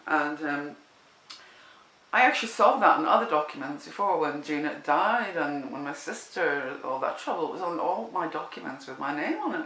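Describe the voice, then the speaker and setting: A woman tells a personal story in a loose, rambling way, often breaking off and restarting her sentences. Her voice is bright and sharp-edged. The room around her echoes. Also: deep voice, a little hiss or hum. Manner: animated, rambling, with many restarts. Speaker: vlogger telling a personal story. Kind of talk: casual spoken storytelling.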